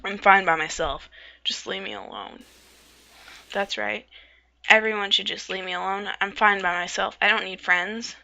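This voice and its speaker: A woman's voice: medium pitch, normal speed, vocal fry. A woman doing a sullen withdrawn teen boy. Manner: flat, sullen, reluctant. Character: withdrawn gloomy teenage boy. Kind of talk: amateur visual novel voice reading. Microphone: makeshift backup mic. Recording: dull lo-fi recording.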